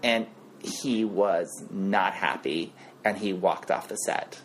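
A middle-aged man, an actor, telling animated stories as a guest in a casual podcast interview on a studio mic. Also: slow pace, slight background noise. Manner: animated, expressive storyteller who swings his pitch.

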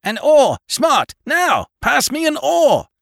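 A man voicing a gruff sea captain who roars urgent orders in a crisis, as an audiobook character voice. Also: extremely high pitch, huge pitch swings, takes it slowly, a bit bright, no echo, clean studio sound, pitched above the performer's own voice, full character voice. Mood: shouting orders.

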